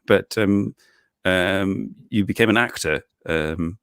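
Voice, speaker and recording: A man hosting an interview on a video call, asking questions in a halting, playful way and chuckling often. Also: low voice, fairly bright tone, smooth, no room sound, studio quality. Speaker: host.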